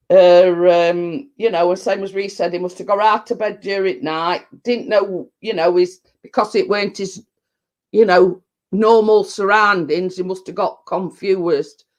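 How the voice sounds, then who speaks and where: A middle-aged woman, chatting casually to viewers and rambling along, often repeating herself and laughing. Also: mid-range voice. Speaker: vlogger reading viewer comments. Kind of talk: casual live chat.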